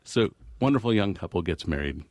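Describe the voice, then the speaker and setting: A man's voice: sits low, expressive, a little fast, darkish tone, dry recording. A man, a marital therapist, speaking as a radio guest, telling stories earnestly. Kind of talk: radio interview, storytelling.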